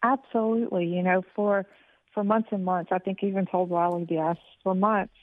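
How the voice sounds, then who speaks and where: A woman in her forties, a healthcare worker guest, speaking in an earnest, halting way on a phone line. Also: medium pitch, fairly even intonation, no echo. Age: 40s. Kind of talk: interview.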